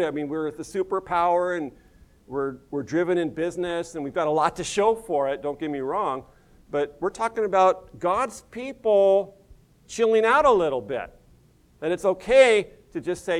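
A middle-aged man from the United States preaching to a congregation. He talks in a chatty, folksy way, tossing in asides as he goes. His voice sits a little higher than most men's. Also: expressive, moderate pace. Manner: conversational, folksy, with asides like "you know". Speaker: pastor and missions director. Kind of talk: sermon.

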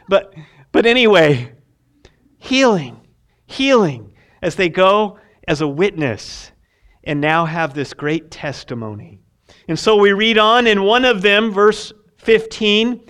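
A man preaching a sermon as pastor, telling the story vividly and swinging between loud emphasis and hushed asides. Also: fairly high pitch, expressive, normal speed.

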